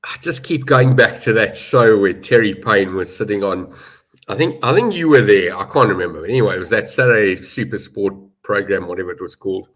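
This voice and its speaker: A middle-aged South African man, a rugby betting pundit, talks in a casual discussion with a lowish, slightly bright voice, animated and a little fast. He's emphatic, loves telling stories, and repeats himself for stress.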